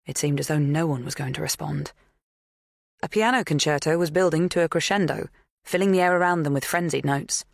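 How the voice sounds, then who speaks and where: An audiobook narrator reading a thriller in an even, measured way. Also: medium pitch, vocal fry, no echo, studio quality.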